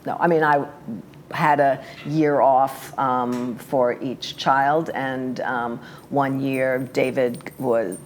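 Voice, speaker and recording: A woman's voice: very deep voice, fairly even intonation, slow pace, slight background noise. An older woman, a guest in a casual interview, chatting about her life in a rambling way with fillers and small laughs.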